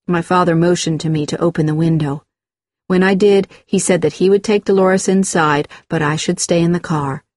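A woman giving a measured, scripted narration of a first-person memoir. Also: on the low side, fairly even intonation, a little mellow, no echo, clean studio sound.

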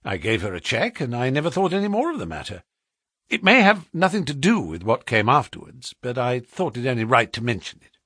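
A man narrating a story in the first person as an audiobook, with expressive delivery that drops to hushed tones in suspenseful passages. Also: medium pitch, fairly quick, slightly rough, no echo, studio quality.

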